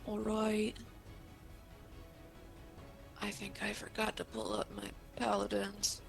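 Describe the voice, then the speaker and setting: A woman's voice: medium pitch, completely flat delivery, slow, gravelly, soft background music. A woman running a tabletop game as game master, often muttering to herself while tracking turns.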